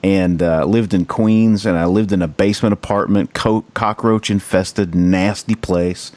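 Low voiced guy chatting, dry room, kinda reflective, swears some. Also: unhurried, no room sound. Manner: relaxed, reflective, swears casually. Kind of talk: casual chat.

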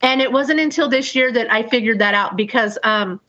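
This middle-aged woman talks a little fast, her voice slightly high, as she shares a personal story with a group in a casual way. Animated throughout, she imitates noises, quotes others, and curses freely, all captured on dull, lo-fi audio.

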